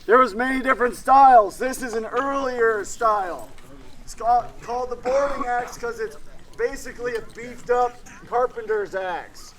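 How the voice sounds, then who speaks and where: A man's voice: very high-pitched, moderate pace, fairly bright tone. A man presenting a combat demonstration, explaining historical weapons to an audience outdoors. He projects his voice and lectures in short phrases. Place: outdoors at a reenactment event.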